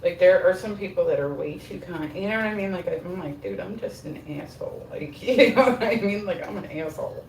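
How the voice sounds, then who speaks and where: A woman's voice: fairly low pitch, fairly quick, hardly any pauses, slight background noise. A middle-aged woman, chatting casually and swearing freely on a livestream while she bakes at home. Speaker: livestream host. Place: home kitchen. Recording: roomy echo, mic at a distance. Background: music playing.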